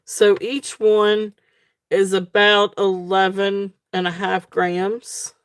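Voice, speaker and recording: A woman hosting a live jewelry sale stream, talking casually with many fillers and a relaxed, tired manner. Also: mid-range voice, slow pace, smooth, no room sound, clean studio sound.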